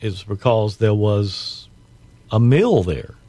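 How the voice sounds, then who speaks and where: A man's voice: fairly low pitch, animated, slow, dark tone, no room sound. Chuckling male morning radio host. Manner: easygoing, chuckling often. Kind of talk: casual radio chat.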